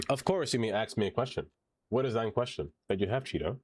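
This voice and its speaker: While playing a city-building game on stream, this man jokes with viewers, sings along, and puts on silly voices in casual, playful commentary. He talks quickly in an expressive, lowish voice with a darkish tone and no room sound.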